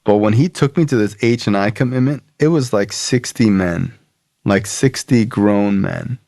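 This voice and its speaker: A man's voice: lowish voice, normal speed, warm tone, no echo, studio quality. A man guesting on a podcast, telling his story casually, loose and profane, with lots of fillers and quoted voices. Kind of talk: casual storytelling about recovery.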